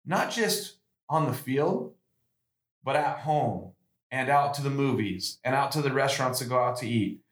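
A middle-aged man who hosts a podcast and coaches youth football, telling his own story in an earnest, emotional way, with many restarts and rising bursts of emphasis. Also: mid-range voice. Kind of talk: personal storytelling monologue. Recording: echoey room.

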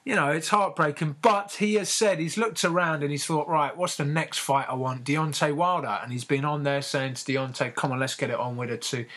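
Man, podcast co-host, casual sports chat, bright tense tone, slightly high voice, halting fillers. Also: fairly even intonation. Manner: chatty, hesitant with many fillers.

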